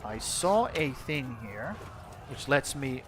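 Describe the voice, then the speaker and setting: A man's voice: medium pitch, slow. A young man giving laid-back, casual commentary on his gameplay, cursing now and then and trailing off mid-sentence. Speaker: gaming channel host. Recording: steady background noise.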